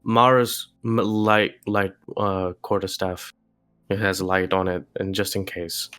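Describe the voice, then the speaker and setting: A man playing a tabletop game, talking casually and making quick in-game calls. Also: sits low, level tone, a bit bright, clear, resonant tone, soft background music. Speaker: player.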